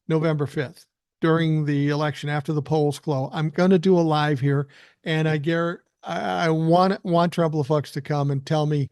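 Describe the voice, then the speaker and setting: The clip features an older man, a podcast host, live-streaming a casual rant from his living room, full of blunt talk and cursing. His slightly high, slightly mellow voice comes through dry and at studio quality.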